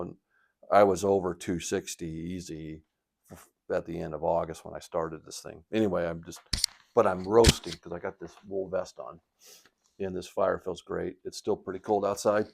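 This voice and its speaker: An older man in retirement telling a personal story on his video blog, reflective and halting with a touch of emotion, sitting by a fire at home. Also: deep voice, creaky, darkish tone. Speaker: vlogger. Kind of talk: casual storytelling. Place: indoors by a fireplace at home.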